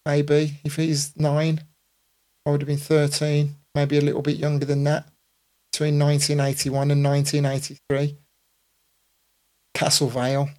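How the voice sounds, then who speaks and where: A man in his fifties, a DJ hosting a casual live stream, rambling with lots of fillers and restarts. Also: a little high. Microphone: computer or phone mic on a live stream.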